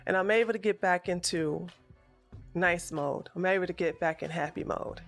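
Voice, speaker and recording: A political livestream host argues a point on his show, his high-pitched, slightly bright male voice moving at normal speed. He stammers emotionally and keeps correcting himself, with faint music playing behind him.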